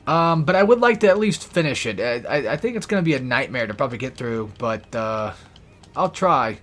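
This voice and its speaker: A man rambling through a let's play with lively ups and downs in his pitch, swearing freely and making fun of himself. He sounds a little winded, with a middle-pitched voice. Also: moderate pace. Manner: rambling, profane, self-deprecating. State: out of breath. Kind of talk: casual gameplay commentary.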